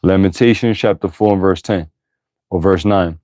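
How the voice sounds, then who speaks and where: A man with a low voice teaching from the Bible, reading verses aloud and then breaking into crude, forceful street-style commentary. The recording is dry and close, with no room sound around him. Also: moderate pace, dry recording. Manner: profane, blunt and emphatic, with bursts of laughter.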